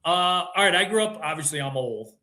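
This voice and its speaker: Podcast host, man in his 50s, bright and fairly high voice, teasing and playful. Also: lively intonation, a little fast. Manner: playful, teasing, jokey questions. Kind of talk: casual interview chat.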